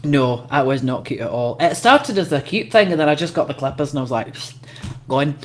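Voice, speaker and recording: A woman's voice: low-pitched, expressive, fast. A brash woman hosting a casual livestream chat, swearing freely and laughing often. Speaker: host.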